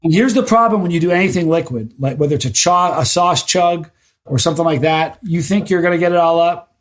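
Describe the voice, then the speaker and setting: A middle-aged man appears as a guest on a podcast, chatting casually and telling his stories in a lively, animated way. His voice is fairly high for a man and his pace is brisk. When he gets excited he rushes ahead, often stumbling and repeating his words.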